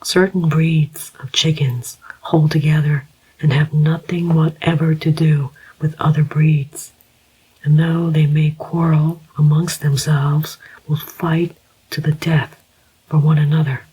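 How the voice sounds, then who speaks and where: A narrator whispering the part of a gentle, formal older male inquiry agent, as whispered role-play. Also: medium pitch, level tone, slow, breathy edge, low-quality recording. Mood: grave.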